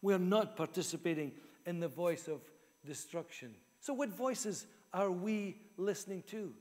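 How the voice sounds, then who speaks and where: Male pastor, high voice, earnest repetitive sermon delivery, long church-hall reverb. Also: expressive, unhurried, darkish tone. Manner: earnest, repeats key phrases for emphasis.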